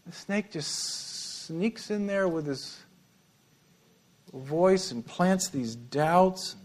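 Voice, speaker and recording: Middle-aged man, pastor, sermon, high, very lively pitch, humorous, repeats words. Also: drawn-out words.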